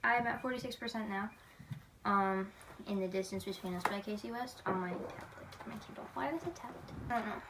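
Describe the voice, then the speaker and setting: A young woman with a mid-range voice vlogs casually about the books she's reading, talking a little fast. She's chatty and giggly, rambling between thoughts, on a noisy phone recording.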